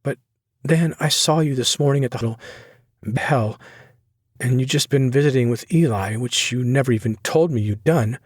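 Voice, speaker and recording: A man's voice: mid-range voice, normal speed, husky, no echo, studio quality, voice pushed up, lightly acted. A man voicing Sloane, a hurt young woman. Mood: pleading. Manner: impassioned, pleading, near tears. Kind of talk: audiobook character voice.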